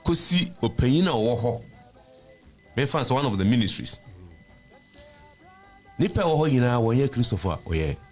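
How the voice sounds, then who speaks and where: A man's voice: medium pitch, big pitch swings, normal speed, long pauses, darkish tone, faint music behind. A man with a Ghanaian accent in casual talk show chat, switching between Twi and English.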